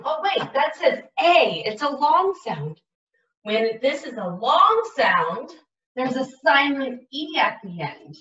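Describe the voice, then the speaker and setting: A woman teaches young children to write, speaking very slowly and stretching out each letter sound as she models the work. Her voice is bright and fairly high. She sounds far from the mic in an echoey room, and the recording is dull and lo-fi. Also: big pitch swings. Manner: slow, exaggerated sounding-out of letters and words. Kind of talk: early-grade writing lesson, modeling aloud.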